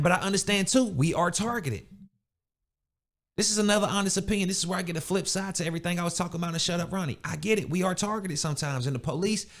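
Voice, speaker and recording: A young adult man hosting a podcast, ranting bluntly in street slang with casual, animated delivery. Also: sits high. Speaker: podcast host. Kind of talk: casual motivational rant.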